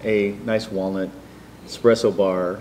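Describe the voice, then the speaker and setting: A middle-aged man telling a personal story in a rambling, animated way, with many fillers and restarts. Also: on the low side, measured pace, a little hiss or hum. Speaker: storyteller guest.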